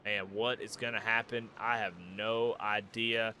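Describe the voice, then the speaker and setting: A man calling a sim race live, excitable and given to repeating the same questions. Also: fairly low pitch, a little slow, very noisy. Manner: excitable, repeats questions, builds to shouting at the finish. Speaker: sim racing commentator.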